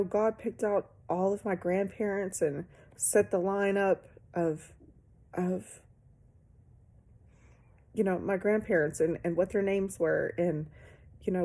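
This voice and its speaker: A woman in her forties, her voice medium-pitched and warm, shares an emotional spiritual testimony. She speaks slowly and haltingly, sighing, with phrases trailing off into whispers.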